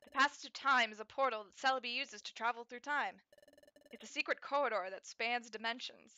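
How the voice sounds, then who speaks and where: A woman's voice: fairly high pitch, fairly quick, bright, forceful tone, dry recording. A woman voicing a determined male lizard adventurer in a video game, speaking earnestly and urgently. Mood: explaining.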